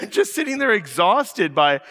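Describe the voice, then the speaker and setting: A man in his thirties preaching a sermon, telling stories in a relaxed, conversational way and acting out the voices of the people in them. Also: high voice, slow pace. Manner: conversational storytelling, acts out quoted voices. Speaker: pastor. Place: church hall. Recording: echoey hall.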